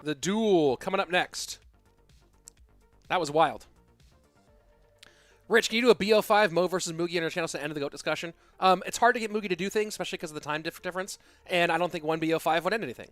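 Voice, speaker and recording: A man casting a live esports match, with excitable play-by-play and rambling asides. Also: fairly high pitch, quick pace, dry recording, soft background music. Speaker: esports caster. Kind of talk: live game commentary.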